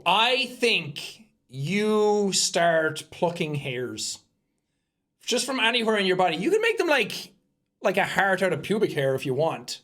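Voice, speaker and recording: A man co-hosting a podcast in casual comedic chat, animated and giggly, full of crude jokes. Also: sits high. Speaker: podcast co-host.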